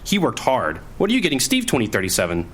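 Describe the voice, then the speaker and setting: A man's voice: mid-range voice, wildly swooping pitch, fast talker, fairly bright tone. A man acting in a scripted comic radio ad, upbeat and pleased with himself. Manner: upbeat, self-satisfied, chatty. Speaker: actor in a radio ad.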